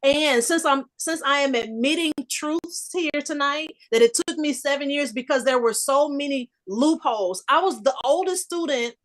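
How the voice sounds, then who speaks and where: A woman in her fifties telling a personal story in a casual group discussion, animated and emphatic. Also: high voice, moderate pace, few pauses. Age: 50s. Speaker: discussion panelist.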